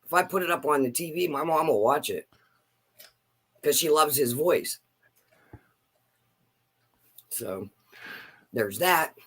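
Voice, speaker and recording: A man with a slightly high voice chats casually, telling stories with lots of energy. He acts out quotes from the people around him as he goes. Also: a little slow, husky. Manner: animated storyteller, acts out quotes. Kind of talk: casual chat.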